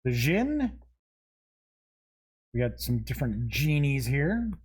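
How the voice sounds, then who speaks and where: A man's voice: mid-range voice, big pitch swings, takes it slowly, a little mellow, breathy edge. A man hosting a show, giving casual unboxing commentary. He reads item names aloud one after another with short asides and chuckles at himself. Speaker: show host.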